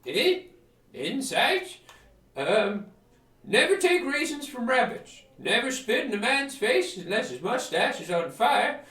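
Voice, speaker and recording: A man voicing a cranky, cryptic old male hermit with an American accent, shouting and crotchety. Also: very high voice, very animated, takes it slowly, pitched above the performer's own voice, heavily acted. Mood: rambling. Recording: roomy from mic distance. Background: game music.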